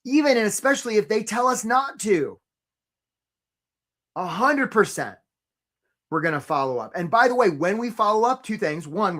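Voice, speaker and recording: Energetic man coaching a live webinar. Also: a little high. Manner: energetic and joking, breaks into short mocking impressions of job seekers; gives shout-outs to viewers by name.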